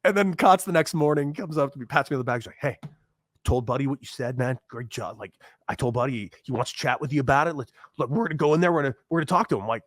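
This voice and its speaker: A man in his thirties, a former ball player, telling stories in a casual interview, animated and laughing. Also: medium pitch, quick pace, no echo, studio quality. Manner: animated storyteller, acts out quoted voices, laughs often.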